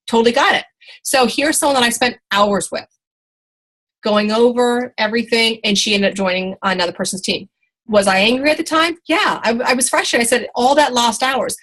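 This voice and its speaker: A woman in her thirties gives a motivational training talk to her team. Her voice sits a little high, and she stays chatty and encouraging, stumbling through restarts and fillers as she goes. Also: brisk, fairly bright tone, poor audio. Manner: chatty, encouraging, many fillers and restarts, acts out quoted people. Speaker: team leader giving training.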